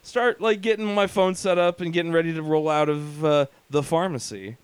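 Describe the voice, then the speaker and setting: A man, co-hosting a podcast, telling profane stories in an animated way with laughter. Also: on the high side, moderate pace, smooth, no echo. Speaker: podcast co-host. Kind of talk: casual chat, storytelling.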